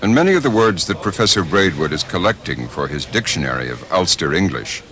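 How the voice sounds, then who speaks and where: Deep-voiced man narrating a documentary. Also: sing-song, a little fast, sharp tone. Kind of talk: scripted narration.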